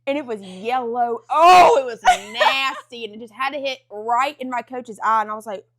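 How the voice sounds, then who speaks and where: A young woman with a Southern US accent, co-hosting a podcast in casual chat, telling stories with laughter and loud acted-out quotes. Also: a little high, brisk. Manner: animated, laughing, acts out quotes loudly. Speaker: podcast co-host.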